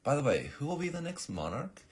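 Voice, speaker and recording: A melodramatic young male assassin, earnest and pleading, with a raised, husky voice, as a man puts him on. He delivers every line like a storybook plea. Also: a little high, big pitch swings, fairly quick, pitched above the performer's own voice.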